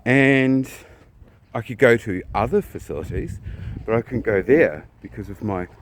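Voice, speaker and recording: A man from New Zealand telling a personal story in a blunt, profane, casual way, often clearing his throat. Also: medium pitch, animated, measured pace, a little hiss or hum.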